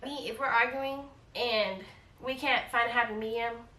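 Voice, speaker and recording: Animated woman telling a storytime in an echoey room. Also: a little high, moderate pace, far from the mic. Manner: animated, repeats herself, acts out quoted lines. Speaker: travel vlogger. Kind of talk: casual storytime vlog. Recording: echoey room, voice a bit off-mic.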